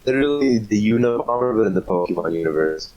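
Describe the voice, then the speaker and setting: Very deep-voiced young man joking crudely. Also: lively intonation, a little mellow, dull audio. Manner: crude, joking, drawn-out delivery. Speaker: podcast co-host. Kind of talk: casual chat with friends on a call.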